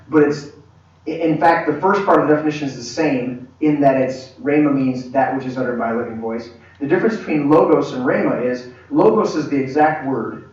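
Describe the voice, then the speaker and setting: A man teaching a church leadership class in a conversational, halting way, with many restarts. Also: fairly high pitch, darkish tone. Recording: echoey room, far from mic, dull.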